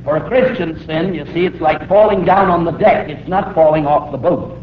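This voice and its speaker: A man's voice: a little high, normal speed. A middle-aged man preaching a sermon, telling a story vividly and acting out the voices in it. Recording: roomy, dull old recording with faint hiss.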